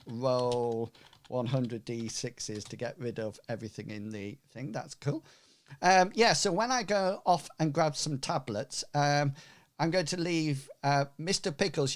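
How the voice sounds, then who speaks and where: A man running a tabletop game as game master, talking casually and hesitantly with many fillers. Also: medium pitch.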